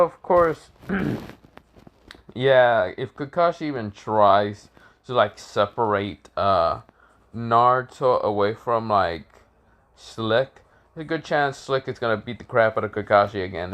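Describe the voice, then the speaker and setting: A man's voice: fairly low pitch, a bit bright. Rambling, casual male storyteller. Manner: rambling, with many fillers and profanity.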